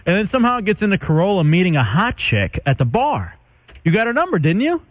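Brash high-voiced radio host. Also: male voice, huge pitch swings, fast. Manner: brash, teasing, laughs often. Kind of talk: morning radio banter. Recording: narrow phone-like radio broadcast.

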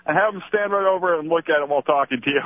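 Male on-site reporter by phone, high voice, matter-of-fact. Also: rapid-fire, no echo. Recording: tinny phone line.

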